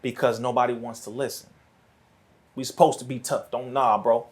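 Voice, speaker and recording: A man speaking as a podcast guest, preachy and animated, his voice rising toward near shouts in a studio. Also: medium pitch, moderate pace. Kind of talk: impassioned podcast talk.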